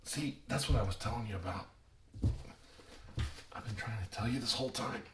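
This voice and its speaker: A middle-aged man giving a comedic ASMR demonstration, talking softly, then groaning and whispering in mock pain. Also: lowish voice, normal speed, long pauses, far from the mic. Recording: roomy echo, a bit off-mic, faint hiss.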